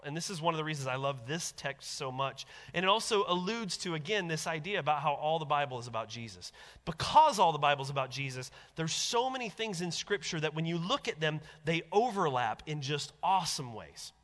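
Bright-voiced man preaching in a reverberant hall. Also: fairly high pitch. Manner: animated, conversational, acts out quoted voices. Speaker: pastor. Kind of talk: sermon.

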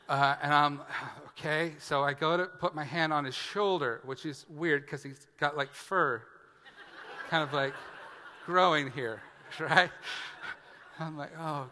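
A man preaching as a pastor, telling a funny personal story with animated, acted-out quotes before outlining scripture. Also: a little high. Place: church sanctuary. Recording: long church-hall reverb.

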